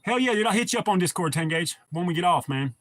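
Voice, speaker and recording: A man's voice: sits high, animated, quick pace, fairly bright tone, no room sound. A man chatting casually on a livestream, rambling and profane as he answers viewer comments. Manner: rambling, profane, laid-back. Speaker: livestream host.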